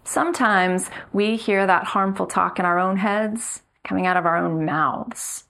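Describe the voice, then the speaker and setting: A middle-aged woman, a pastor giving a sermon in a measured, earnest way with slow, emphatic repetitions. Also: medium pitch, vocal fry, a bit bright.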